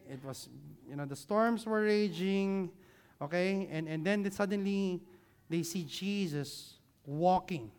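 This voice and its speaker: A pastor preaches a sermon with slides, lowering his voice for emphasis and getting the congregation to repeat words back to him. His tone is clean.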